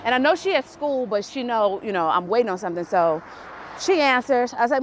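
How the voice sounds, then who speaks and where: Woman, podcast host, high voice, casual storytelling, animated, laughs, acts out dialogue. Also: brisk, slight background noise. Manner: animated, laughing, reenacts dialogue with rising exasperation.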